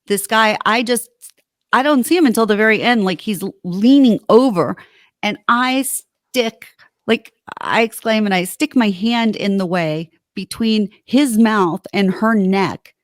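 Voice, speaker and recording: A woman's voice: mid-range voice, measured pace, no echo, studio quality. A middle-aged woman, a podcast host, telling a story in a heated, indignant way with plenty of swearing. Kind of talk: casual podcast chat.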